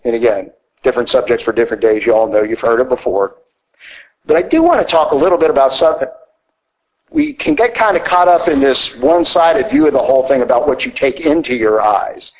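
A priest preaching a conversational, emphatic sermon in a church. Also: male voice, mid-range voice, poor audio.

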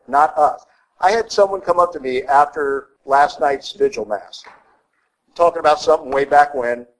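A middle-aged male priest preaching a sermon in a blunt, folksy way, with sudden jumps up in pitch for emphasis. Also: rough recording.

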